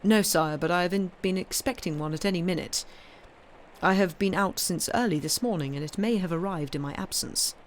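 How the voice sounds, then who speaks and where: A woman's voice: fairly low pitch, brisk, slight background noise, lightly acted. A woman reading aloud, voicing a dutiful, flustered male minister. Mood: deferential. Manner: deferential, explaining.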